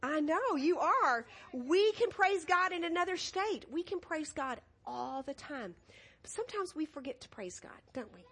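A woman with a high voice leads a children's message in a church sanctuary. She asks the kids a steady run of questions and laughs easily as she coaxes answers from them. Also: moderate pace. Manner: animated, laughing, coaxing questions. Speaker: children's sermon leader. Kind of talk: children's message with call and response.

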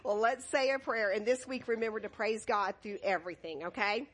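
A woman's voice: on the high side, a little fast, slightly rough. A woman leading a children's message in church, asking the children questions and laughing often. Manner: animated, laughing, coaxing questions. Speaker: children's sermon leader. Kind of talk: children's message with call and response. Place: church sanctuary.

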